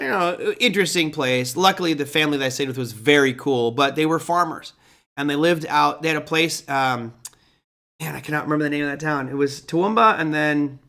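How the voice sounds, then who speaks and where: A man's voice: on the high side, sharp tone. A middle-aged man hosting a live market analysis stream, chatty and casual as he walks through charts and answers viewer questions. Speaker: trading stream host.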